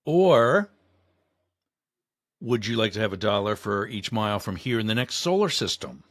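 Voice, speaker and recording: A man's voice: fairly low pitch, sing-song, normal speed, fairly bright tone, no echo, studio quality. A man co-hosting a podcast, explaining ideas casually and bluntly, with emphatic delivery. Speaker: podcast co-host. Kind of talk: casual conversation.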